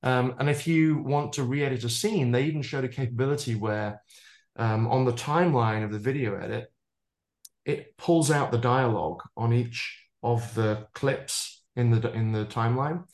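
A man's voice: medium pitch, normal speed, a little mellow. A man talking as a futurist guest in a casual interview, piling up examples and joking about how he says words. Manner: expansive, piles up examples, jokes about his own pronunciation. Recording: roomy echo.

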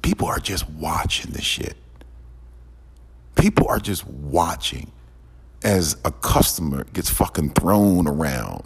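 A man's voice: deep voice, expressive, measured pace, husky. A man delivering a heated, profane, repetitive rant as a podcast host. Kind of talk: angry ranting monologue. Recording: long echoing reverb.

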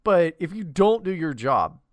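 This podcast co-host is a man whose voice sits on the high side, speaking at a measured pace with no echo. His casual chat is animated and profane, full of swearing as he mocks things.

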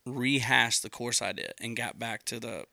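A man's voice: medium pitch, moderate pace, vocal fry, sharp tone, no echo, clean studio sound. A man, a songwriter, casually telling how a song was written, loose and rambling, swearing freely and often saying dude. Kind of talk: casual storytelling conversation.

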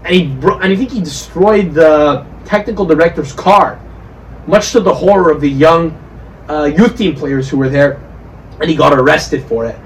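A man's voice: a little high, moderate pace. Rambling, profane drunk man hosting a podcast. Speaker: podcast host. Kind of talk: casual chat. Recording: distant mic with faint background noise.

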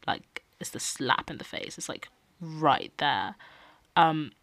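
Low-voiced woman, chatty. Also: takes it slowly, creaky, dry recording. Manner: animated, acts out quoted people. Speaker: podcast host. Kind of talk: casual opinion talk.

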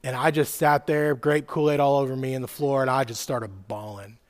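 A man in his thirties preaching a sermon to a live church audience, telling personal stories casually with lots of "like" and "right?", dropping soft and quiet then rising loud and excited. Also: medium pitch, normal speed. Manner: conversational storytelling, fillers like "like" and "right?". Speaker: youth pastor.

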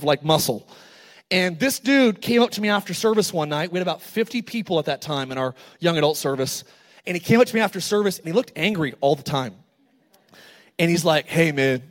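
A middle-aged male pastor preaching a sermon, telling stories with energy and building to loud, emphatic calls to the congregation. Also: sits high.

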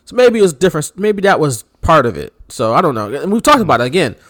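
A man co-hosting a podcast in casual chat, animated and joking. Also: a little high, fast, dry recording, studio quality. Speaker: podcast co-host.

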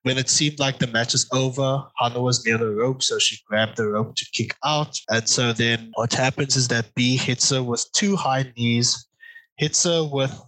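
A man's voice: medium pitch, fairly even intonation, normal speed, bright, forceful tone, poor audio. A man co-hosting a casual podcast, recapping a wrestling match move by move in a loose, chatty way. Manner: loose and chatty, many fillers and repeated "I see". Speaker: podcast co-host.

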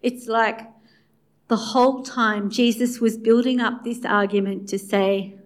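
A woman's voice: fairly high pitch, fairly even intonation, unhurried. A woman preaching a sermon in a conversational way, acting out the quoted dialogue as she goes. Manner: conversational, acts out quoted dialogue with swings in loudness.

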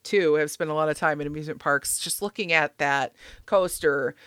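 A woman co-hosting a podcast in casual chat, laughing and excitable. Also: fairly quick, clear, resonant tone, dry recording, clean studio sound. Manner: laughing, excitable, pitch leaps on jokes. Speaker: podcast co-host.

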